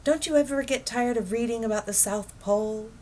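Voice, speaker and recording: A woman reading a children's book aloud, voicing a practical, somewhat sharp middle-aged housewife. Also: on the high side, a little hiss or hum, pitched above the performer's own voice, lightly acted. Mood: doubtful. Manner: brisk, a little sharp.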